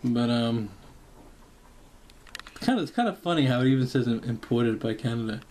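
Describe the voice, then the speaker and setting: A man's voice: animated, moderate pace, darkish tone, a little hiss or hum. A man rambling casually through a product vlog, full of ums and likes, joking and breaking into short acted-out bits of imagined dialogue. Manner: jokey, acts out imagined dialogue in high squeaky voices; filler-heavy with frequent ums and likes. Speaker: vlogger reviewing a product.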